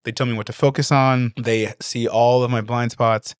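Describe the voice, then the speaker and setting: A man being interviewed as a company CEO, chatting casually and telling lively stories, acting out quoted voices and laughing often. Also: mid-range voice, moderate pace, clean tone, no echo, studio quality. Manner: animated storyteller, acts out quotes, laughs often.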